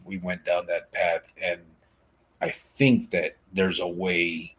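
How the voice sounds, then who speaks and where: A podcast host from Arizona, US, rambles in a laid-back way, full of fillers, during casual live chat. His low voice keeps a level tone and slow pace, fairly bright and slightly rough.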